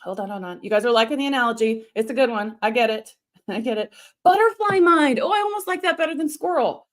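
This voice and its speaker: A woman with a slightly high voice coaches her viewers live on a stream. She talks in a chatty, animated way and often breaks into quick asides. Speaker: online video coach hosting a live stream. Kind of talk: casual live-stream teaching.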